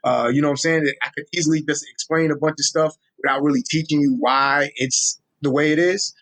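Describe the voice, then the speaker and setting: A young man with a New York accent, known for explaining Tolkien on social media, talks as an interview guest in a slightly high, fairly quick voice. He's animated and street-casual, often repeating and restarting his words.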